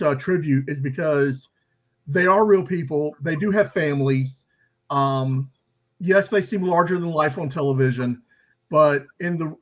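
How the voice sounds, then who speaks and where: Animated storytelling podcast host, man. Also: a little high, low-quality recording. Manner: animated anecdote-teller with many fillers. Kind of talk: casual storytelling.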